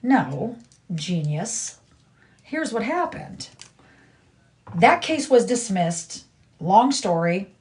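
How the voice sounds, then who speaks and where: A woman's voice: medium pitch, very animated, slow, pauses often, a little mellow. A middle-aged woman on a casual live stream from her living room, blunt and indignant, venting about someone who keeps harassing her. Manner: blunt, indignant, talks to her child off to the side. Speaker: livestreamer.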